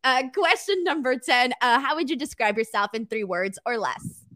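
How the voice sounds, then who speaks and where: A woman interviewing a guest in a friendly, casual way, agreeing warmly and reading out numbered questions. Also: on the high side, expressive, normal speed.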